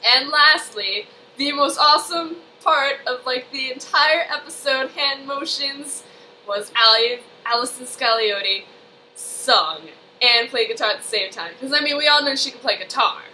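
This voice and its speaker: A woman's voice: high-pitched, a little slow, bright, forceful tone, a little hiss or hum, rough recording. A young woman casually recapping a TV episode at home, gushing and rambling with lots of "like" and "um".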